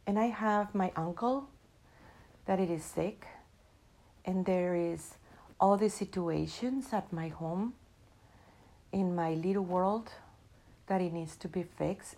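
A woman voicing a humble, anxious young man who pleads and apologizes in a halting way. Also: medium pitch, gravelly, darkish tone.

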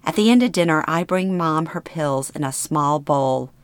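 A middle-aged woman narrating a first-person memoir in a plain, steady storytelling manner. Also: deep voice, normal speed, smooth, dry recording.

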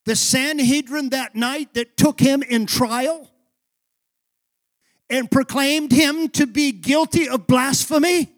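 Very high-voiced preaching man. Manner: impassioned, shouting bursts, dramatic retelling. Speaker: pastor. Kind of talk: sermon.

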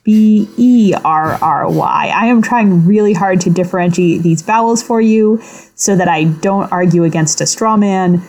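Measured woman co-hosting a podcast. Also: on the low side, a little mellow. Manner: measured, careful recaps with light laughs. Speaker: podcast co-host. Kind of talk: casual podcast chat, reading quiz clues aloud.

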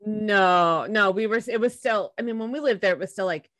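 A woman co-hosting a podcast, with a mid-pitched voice and a chatty, enthusiastic manner. She is from central Illinois. The recording is dry and close, with no room echo. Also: a little fast, fairly bright tone. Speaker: podcast co-host. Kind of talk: casual podcast conversation.

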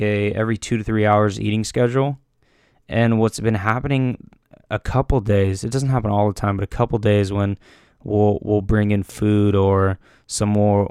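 A young man rambles through a casual monologue, cursing freely and restarting his sentences often. His voice sits a little low and sounds smooth and clear. The sound is dry and close. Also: dry recording. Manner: rambling, profane, frequent restarts and fillers.

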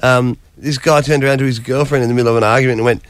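A man's voice: medium pitch, fairly even intonation, dry recording. A man, a comedian guest riffing playfully on a radio show. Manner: playful, riffing, quick wit. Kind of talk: casual radio banter. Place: radio studio.

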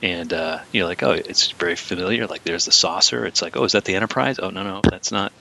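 A man's voice: sits low, fairly quick, creaky, sharp tone. A man co-hosting a podcast, chatting casually about a film and often laughing while acting out lines. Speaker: podcast co-host.

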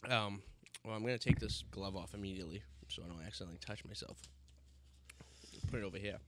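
A man co-hosting a casual talk show, chatty and halting with many fillers, teary and suffering from extreme spicy heat. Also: on the low side, very noisy. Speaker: podcast co-host. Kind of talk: casual chat during a hot chip challenge. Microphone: headphones and studio mic.

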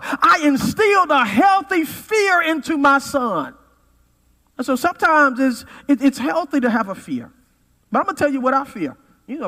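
A pastor in his forties preaching a sermon, swinging from loud peaks to quiet asides. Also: very high voice, very animated, moderate pace. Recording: reverberant hall.

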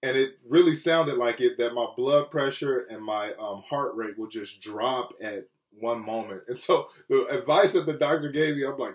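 Man, pastor, sermon, earnest, soft low drops, slightly distant mic. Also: normal speed, hardly any pauses, roomy sound. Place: Chicago.

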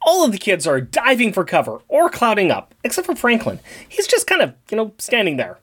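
A man co-hosting a casual comic podcast, teasing and quick to jump in with corrections. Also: sits high, wildly swooping pitch, a bit bright, husky. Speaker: podcast co-host. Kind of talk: casual comic book recap.

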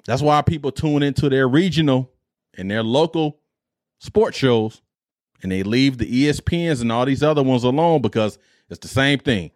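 Middle-aged male podcast host, lively exasperated rant, dry close sound. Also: mid-range voice, moderate pace, no room sound. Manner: animated, exasperated ranting with repetition.

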